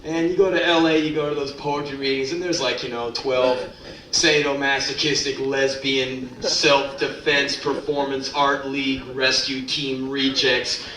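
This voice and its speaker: A man's voice: medium pitch, flat delivery, a little slow, sharp tone, recorded from a distance. A man giving a live spoken-word reading in a club, telling stories in a profane, sardonic way. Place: live club venue with audience. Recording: echoey club from afar.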